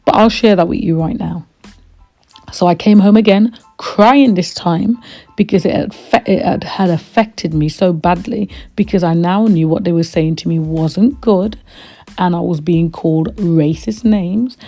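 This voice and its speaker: A woman sharing a personal story on her podcast in a candid, emphatic way. Her voice is gravelly with a dark, mellow tone. Faint music plays underneath. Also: mid-range voice, measured pace. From Trinidad. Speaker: podcast host and reverend.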